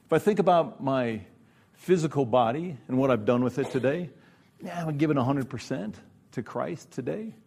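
A man's voice: on the high side, a little mellow, slightly rough. A middle-aged man giving an earnest, conversational Christian workshop talk, often checking in with "right?". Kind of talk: sermon-style workshop talk.

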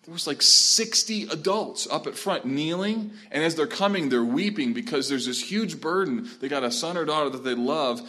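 A man's voice: fairly high pitch, moderate pace, hardly any pauses. A man who is a pastor, telling stories earnestly and with feeling as he speaks and takes questions from church leaders in a room with a live audience. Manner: earnest, animated storytelling.

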